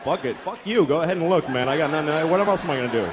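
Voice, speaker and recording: A man's voice: on the high side, rapid-fire. A man in his thirties doing stand-up comedy, profane and exasperated, sometimes acting out voices. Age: 30s. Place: comedy club stage before a laughing crowd. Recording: live club recording with crowd noise.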